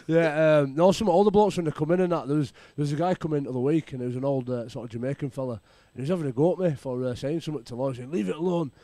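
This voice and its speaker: Man, co-host, rapid speech, dry quips, mellow voice. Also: on the high side, no room sound. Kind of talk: casual rugby chat.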